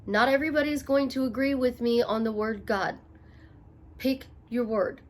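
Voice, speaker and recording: A woman's voice: on the high side, moderate pace. A middle-aged woman life coach giving an emphatic, playful motivational talk, repeating key phrases. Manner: emphatic, repetitive, playful asides.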